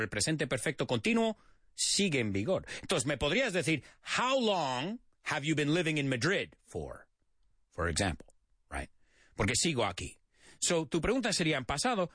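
Lively American man hosting a language show. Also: a little high, dry recording, studio quality. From United States. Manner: playful, jokey, mixes Spanish explanations into English. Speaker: radio show host teaching English. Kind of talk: bilingual English lesson on a radio show.

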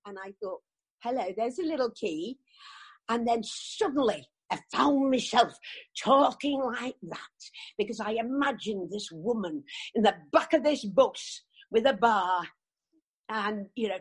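An older woman, telling animated stories of her acting work in an interview. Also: a little high, unhurried, breathy edge. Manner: lively, animated storytelling with acted quotes. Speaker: actress. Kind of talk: interview chat.

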